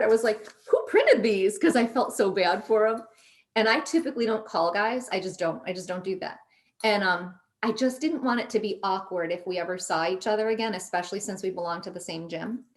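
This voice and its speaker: A middle-aged woman recounting a personal story in easygoing conversation. She talks at a medium pitch and keeps it animated, jumping up when she quotes herself or a friend. The tone stays relaxed and chatty throughout. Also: a little fast. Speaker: podcast guest. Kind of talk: casual storytelling.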